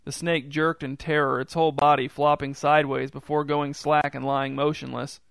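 A man reading a story aloud in an even, measured way. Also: a little high, vocal fry, smooth, no room sound. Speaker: narrator.

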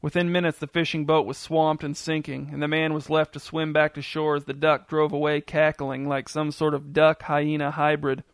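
A man narrating a scripted story with a steady, descriptive delivery. His voice sits a little higher than most men's. The recording is dry and close, with almost no room sound. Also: normal speed, hardly any pauses, clear, resonant tone, no echo.

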